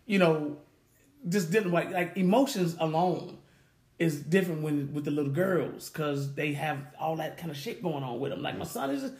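A man co-hosting a podcast, chatting casually as an animated storyteller who laughs often and swears freely. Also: on the high side, normal speed, echoey room, a little hiss or hum. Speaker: podcast co-host. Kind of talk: casual chat.

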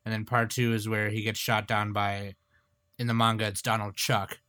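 A man hosting a casual podcast chat about films, quick to jump in and explain at length. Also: on the low side, flat delivery, pushed and bright, no room sound, clean studio sound. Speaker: podcast host.

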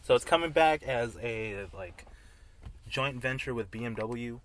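A man's voice: medium pitch, expressive, a bit bright. A man hosting a casual podcast from a car, easygoing and laughing often, getting eager when he talks about things he likes. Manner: easygoing, quick laugher, enthusiastic about cars. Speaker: podcast host. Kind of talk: casual chat. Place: inside a car.

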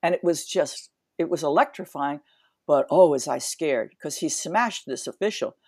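A woman's voice: low voice, expressive, normal speed, a little mellow, husky, dry recording, studio quality. A woman in her seventies, an interview guest, telling a story vividly, acting out scenes with sound effects and many restarts. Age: 70s.

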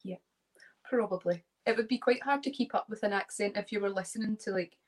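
Young Scottish woman, pageant guest, lively animated chatter, mid pitch, video-call sound. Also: fairly quick, low-quality recording. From Scotland. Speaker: interview guest, pageant contestant. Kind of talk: casual live interview chat.

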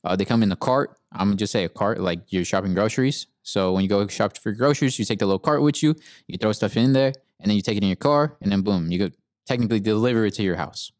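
A man's voice: on the low side, fast talker, darkish tone, dry recording, studio quality. A young man co-hosting a podcast, telling a rant in a laid-back, profane way and saying "bro" a lot. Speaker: podcast co-host. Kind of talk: casual storytelling rant.

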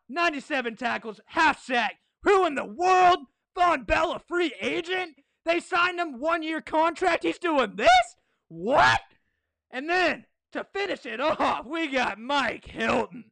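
A high-pitched podcast host with a gravelly edge runs a hyped-up sports preview. The voice is bright and forceful, recorded dry and close. The host talks excitably, shouting and firing off rhetorical questions. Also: no echo. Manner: excitable, shouts, keeps asking "What?".

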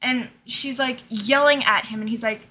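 Giggly high-voiced young woman. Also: steady tone, moderate pace, bright, forceful tone, slight background noise. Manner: giggly, keeps cracking up while retelling scenes. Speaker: co-host. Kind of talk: casual chat recapping a TV series.

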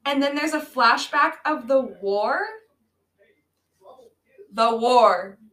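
Her voice is high, pushed and bright, at a normal speed. Co-hosting a laid-back podcast about movies, she tears into a bad film with sarcasm, plenty of laughter and curse words, recorded amateurishly in an echoey space.

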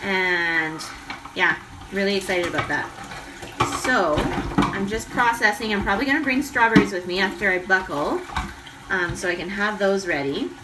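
A woman's voice: mid-range voice, normal speed, recorded from a distance, very noisy. A woman in her thirties talking casually about her day as a mother, rambling with many fillers, at home in her kitchen. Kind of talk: casual vlog monologue. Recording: home recording a bit away from the mic, loud kitchen clatter. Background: dishes and cutlery clattering.

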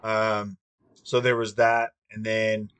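A man's voice: on the low side, little pitch movement, takes it slowly, a bit bright, smooth. A young man in casual chat, rambling and swearing freely, with plenty of ums. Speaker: podcast co-host.

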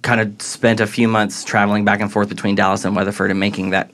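A young man from Southern Illinois with a Midwestern accent and a low voice talks easily as a podcast guest. He tells his story in a relaxed, self-deprecating way. He pauses on "um" as he goes. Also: a little hiss or hum. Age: young adult. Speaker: associate pastor, podcast guest. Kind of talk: casual conversational storytelling.

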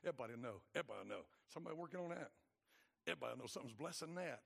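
A man preaching a sermon in a colloquial, emphatic way, moving between quiet asides and loud exhortation. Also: medium pitch, expressive, racing, vocal fry, slightly rough.

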